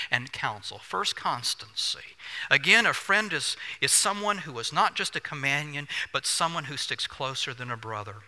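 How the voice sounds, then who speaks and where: An older man preaching a sermon earnestly, stressing key words and pausing to let them land. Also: a little high, bright, forceful tone. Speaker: pastor. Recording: long hall reverb.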